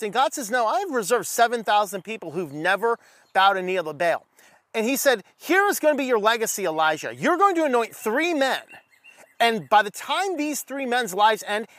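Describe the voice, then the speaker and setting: A high-voiced man gives a loose, animated Bible teaching and cracks jokes as he goes. He reads scripture aloud and slips into voices for the people in the stories. The sound is close and dry, with no room around it. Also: dry recording. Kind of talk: casual Bible study talk.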